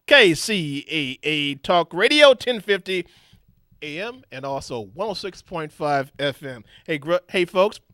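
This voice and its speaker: Hyped radio host, booming announcer voice. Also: male voice, animated, measured pace, bright, forceful tone, no room sound, studio quality. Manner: booming, hyped announcer delivery in the opening, then loose and rambling with fillers. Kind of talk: casual radio talk show hosting. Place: radio studio.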